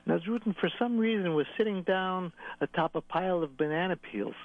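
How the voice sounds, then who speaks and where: A man telling folk tales in a playful, lively way, adding sound effects. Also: sits high, brisk, no echo. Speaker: storyteller. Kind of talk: oral folk storytelling. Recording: tinny phone line.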